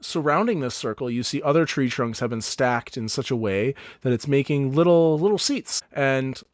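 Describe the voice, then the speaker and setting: A man's voice: mid-range voice, lively intonation, normal speed, no echo, studio quality. A man as dungeon master, narrating a tabletop game in a casual, chatty way.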